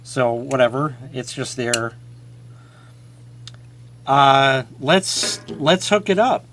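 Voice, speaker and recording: Slow-talking man showing off an old gadget. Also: mid-range voice, expressive, a bit bright, a little hiss or hum. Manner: joking, self-mocking, rambling. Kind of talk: casual show-and-tell.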